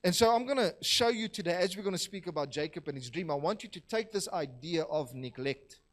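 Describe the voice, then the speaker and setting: A man's voice: sits high, animated, brisk, fairly bright tone. A man preaching a sermon in a church, talking conversationally and joking with the congregation. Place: church hall.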